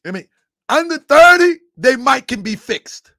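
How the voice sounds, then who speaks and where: A man's voice: extremely high pitch, sing-song, a little slow, pushed and bright, dry recording, clean studio sound. A man giving a mocking reaction commentary, laughing often and lecturing in a taunting, preachy way. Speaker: online commentator.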